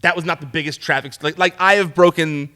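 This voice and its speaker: A man, a guest in an interview, telling a story in an animated, casual way, laughing often and saying "like" a lot. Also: a little high, fast talker. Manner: animated, laughs often while telling stories, peppers talk with "like". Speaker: interview guest, news reporter. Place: talk show studio set.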